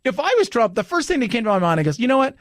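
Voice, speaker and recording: A man's voice: high voice, big pitch swings, very fast, fairly bright tone, no echo, studio quality. An American man hosting a talk radio show, telling a rambling story with many restarts. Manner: chatty storyteller, lots of restarts and "he goes".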